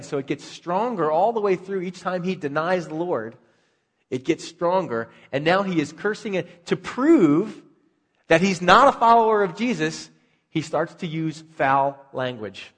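A man's voice: fairly high pitch, expressive, normal speed, big-room sound. A male pastor preaching a sermon in a conversational way, asking rhetorical questions.

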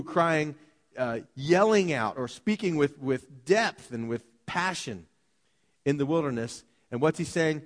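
Pastor preaching in a reverberant hall. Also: male voice, on the high side, moderate pace, pauses often. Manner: excitable, conversational, swings from loud to soft. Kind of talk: sermon. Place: church sanctuary.

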